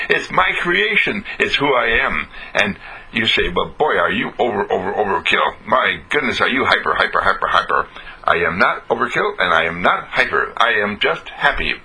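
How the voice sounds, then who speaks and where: A man's voice: medium pitch, bright, forceful tone, husky, rough recording. A man from a ministry giving a recorded inspirational message, full of exuberant, repetitive affirmations. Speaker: ministry speaker.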